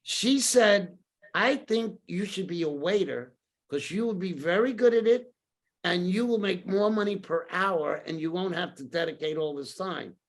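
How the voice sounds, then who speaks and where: This podcast guest, an older man from New York, talks at a normal speed in a high-pitched voice. He tells lively anecdotes in a casual interview, dramatizing the dialogue he quotes.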